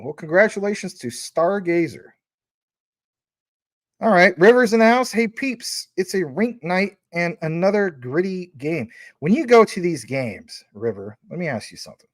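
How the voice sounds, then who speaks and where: A man's voice: medium pitch, no echo, clean studio sound. A man hosting a casual livestream, reading out viewer super chats in a chatty, rambling way and giving names a playful emphasis.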